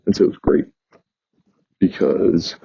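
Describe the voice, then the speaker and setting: Unhurried and warm, this New York vlogger's voice comes through without echo on a dull, lo-fi recording. He wanders casually through a travel story, frequently pausing to fix what he's said.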